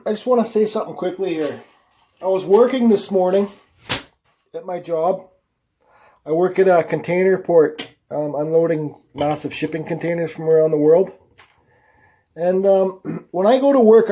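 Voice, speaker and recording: The host of a woodcarving vlog has a slightly high, mellow voice. His casual talk to the camera is rambling and blunt, peppered freely with swearing.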